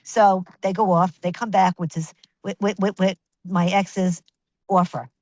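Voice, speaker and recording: A woman in her fifties telling her story as a guest in an interview, animated and chatty, restarting sentences and acting out what others said. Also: on the low side, unhurried, no echo, poor audio. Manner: animated, chatty, with many restarts and acted-out quotes.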